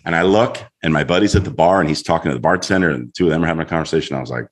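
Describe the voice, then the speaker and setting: A middle-aged man, a guest on a show, telling a story in an animated way and acting out voices as he goes. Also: extremely low pitch, rapid-fire. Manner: lively, acts out voices in his story.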